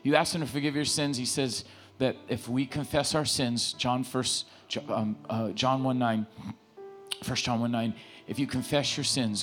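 A pastor giving an impassioned sermon and leading a prayer, repeating himself and restarting words as he pleads with the congregation. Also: mid-range voice. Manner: impassioned, repetitive, stammering restarts. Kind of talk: sermon with altar call and prayer. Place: church sanctuary.

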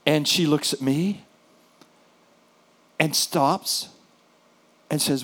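A man preaching a sermon as a pastor, telling a story with hushed, soft passages and sudden louder bursts. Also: fairly high pitch, extremely slow.

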